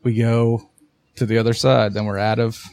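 A young man co-hosting a podcast, telling an animated story in casual chat and swearing a lot. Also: medium pitch, normal speed, no room sound. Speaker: podcast co-host.

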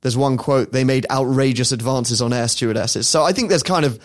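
A man's voice: medium pitch, brisk. A man hosting a podcast in casual chat, telling stories in a wry, joking way. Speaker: podcast host.

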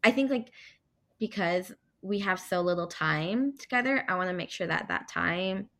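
A woman's voice: fairly low pitch, lively intonation, normal speed, fairly bright tone. Chatty young woman, full of fillers. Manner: chatty, many "like" fillers, acts out quotes. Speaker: interview guest, medical student. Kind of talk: casual conversation.

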